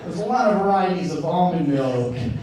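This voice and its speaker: A man doing a stand-up routine on a comedy club stage, rambling, repeating himself and bursting into shouted punchlines. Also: sits high, lively intonation, a little fast. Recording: echoey club, distant mic, audience noise.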